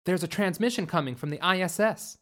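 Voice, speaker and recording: A man voicing a young woman hacker who answers quickly and nervously in a raised voice. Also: high voice, fairly bright tone, voice pushed up. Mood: tense.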